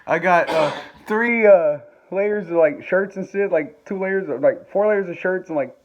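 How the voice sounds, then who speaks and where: A man's voice: high-pitched, moderate pace. Rambling man on a tinny phone recording. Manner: chuckling, swearing, digressive. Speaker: vlogger. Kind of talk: rambling casual storytelling. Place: home during a power outage, candlelit.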